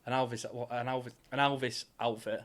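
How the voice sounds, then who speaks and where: A young British man co-hosting a podcast, telling an animated story between laughs and frequent swearing. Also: medium pitch, fairly quick. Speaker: podcast co-host. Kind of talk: casual chat.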